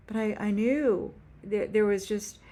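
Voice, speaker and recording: A woman in her seventies telling a heartfelt personal faith story on her own channel, halting and earnest with frequent restarts. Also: medium pitch, warm tone. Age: 70s. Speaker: author and YouTuber. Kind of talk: personal faith testimony vlog.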